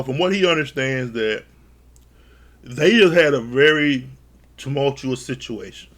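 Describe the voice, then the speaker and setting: A man recapping a reality show episode in a casual, animated way, swearing often and acting out quotes. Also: fairly high pitch. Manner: animated, swears a lot, quotes people in jumpy voices.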